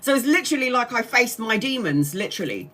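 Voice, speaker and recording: A woman's voice: on the high side, sing-song, fast talker, a bit bright. A woman, chatting casually on a tarot livestream, swearing freely and laughing often. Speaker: tarot reader.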